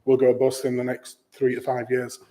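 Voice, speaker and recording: Man, charity chief executive, plain-spoken conference presenter, fillers, mid pitch. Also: completely flat delivery, moderate pace, warm tone. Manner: matter-of-fact, quoting figures, with fillers. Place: conference room.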